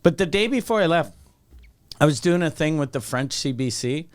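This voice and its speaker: A man's voice: on the high side, lively intonation, normal speed. A man hosting a podcast, telling a long, profane, rambling comic story and acting out the lines of the people in it. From Canada. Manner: rambling, profane, acts out quotes. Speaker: podcast host. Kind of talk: casual comedic storytelling.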